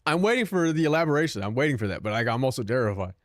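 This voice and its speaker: A man's voice: mid-range voice, big pitch swings, very fast, no echo, clean studio sound. A young man streaming and chatting casually with his viewers, joking, swearing and mocking himself. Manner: self-mocking, profane, joking.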